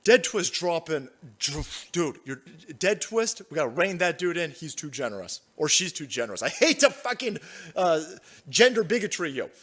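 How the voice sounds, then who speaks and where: A very animated man with a fairly high, fairly bright voice runs a livestream at a moderate pace. He riffs profanely and sarcastically, laughing frequently as he reads out donations.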